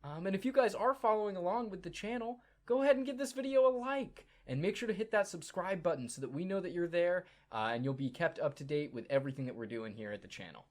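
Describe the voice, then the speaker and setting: A man's voice: high voice, lively intonation, fast talker, few pauses. A man co-hosting a show and narrating as game master of a tabletop game, upbeat and chatty. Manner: upbeat, chatty, many fillers.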